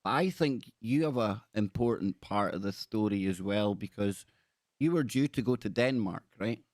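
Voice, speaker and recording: A male podcast host chats with his guest in an eager, casual way and reads out listener comments as he goes. His voice sits somewhat low. The recording is dry and close, with no room echo. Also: moderate pace, a little mellow. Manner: chatty and enthusiastic, reading out listener comments. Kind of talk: casual interview chat.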